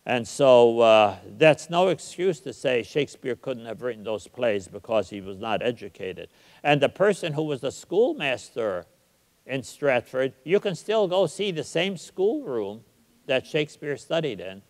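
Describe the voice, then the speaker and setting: Older guy lecturing, emphatic, drags out the verse lines slow, big echoey hall. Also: mid-range voice, sing-song. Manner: emphatic, recites verse slowly. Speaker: guest lecturer. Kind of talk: public lecture.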